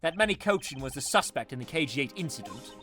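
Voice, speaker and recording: Man voicing a calm formal prosecutor, measured, bright tone. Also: mid-range voice, soft background music, voice pushed up. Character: composed male prosecutor, cool and formal.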